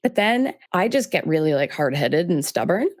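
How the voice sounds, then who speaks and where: A young adult woman co-hosting a casual podcast chat about a TV show, animated and laughing often. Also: deep voice, moderate pace, no echo, clean studio sound. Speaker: podcast co-host.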